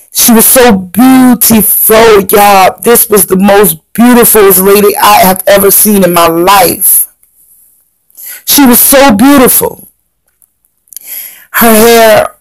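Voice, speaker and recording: A woman's voice: medium pitch, no room sound, low-quality recording. A woman earnestly telling viewers a personal story, repeating phrases and speaking to them directly. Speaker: storyteller recounting a near-death experience.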